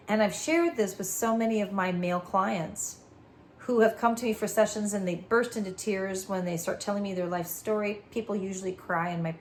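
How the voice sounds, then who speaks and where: A woman spiritual healer giving a channeled message, earnest and soft-spoken, with repeated affirmations that often drop to a quiet hush. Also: mid-range voice, slight background noise.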